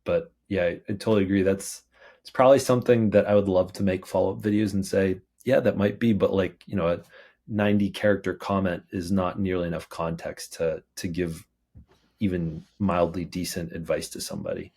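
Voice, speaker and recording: A man hosts a relaxed interview with a very low-pitched voice. He talks hesitantly, restarting his sentences and filling the gaps with 'um' and 'like'. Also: brisk. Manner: hesitant, restarts and filler words. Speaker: podcast host. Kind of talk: casual interview chat.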